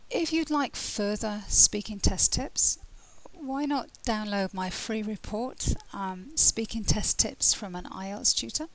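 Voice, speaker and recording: A British woman, a language test tutor, explaining scoring criteria in a relaxed, conversational way with frequent fillers and restarts. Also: medium pitch, slow, few pauses, rough recording. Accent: British English. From Britain.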